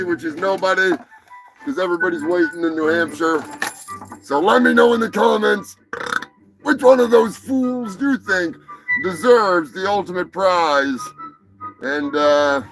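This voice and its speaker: Crude rambling man hosting a live stream, slow, gravelly, faint music behind. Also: high-pitched, rough recording. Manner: rambling, crude, mock-shouting.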